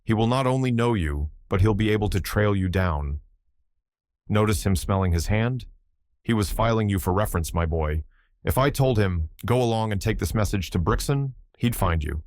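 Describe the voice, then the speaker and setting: A man voicing an older baronet who is overbearing and lecherous, with a husky, pushy way of talking. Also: lowish voice, animated, normal speed, a little mellow, no echo, clean studio sound, close to an everyday voice. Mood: domineering.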